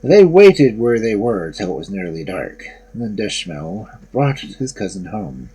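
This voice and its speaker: Storyteller, fairy tale reading, husky, animated, dramatic. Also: sits low, measured pace, low-quality recording. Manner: expressive, dramatic.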